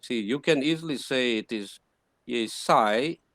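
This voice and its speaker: A man teaching a classroom lesson, sounding out words slowly syllable by syllable and repeating them. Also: medium pitch, fairly bright tone, no echo.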